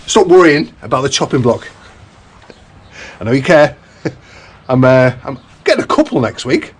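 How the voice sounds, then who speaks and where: A man's voice: medium pitch, sing-song, measured pace, breathy edge. A man in his fifties vlogging from his farmhouse renovation, casual and chatty with a lot of slang, mumbling a bit and tailing off at the ends of sentences. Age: 50s. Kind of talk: casual chat to camera. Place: farmhouse under renovation in the countryside.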